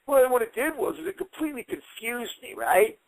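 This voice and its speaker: A middle-aged man, a guest fighter, telling a story on a radio show with animated delivery, swearing and acting out the voices of others. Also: very high-pitched, fairly quick, gravelly, no echo, rough recording. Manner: swears, acts out quoted voices. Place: radio studio.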